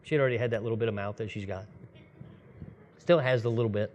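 A man's voice: medium pitch, animated, very fast. A man preaching a sermon in a conversational, storytelling way, speeding up in bursts. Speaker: pastor.

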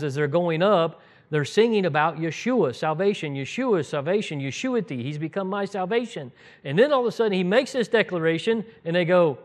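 A man preaching a conversational sermon, retelling Bible scenes in an animated way and acting out the voices in them. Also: fairly high pitch. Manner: animated, acts out quoted voices, chuckles, restarts sentences. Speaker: preacher teaching the congregation.

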